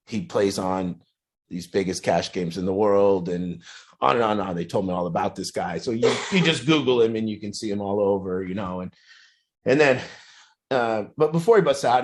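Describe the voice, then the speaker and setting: At a moderate pace, a man shares a lengthy personal tale with a group, casual and meandering, stumbling over fillers and restarting often. For quoted lines he shifts into a higher voice.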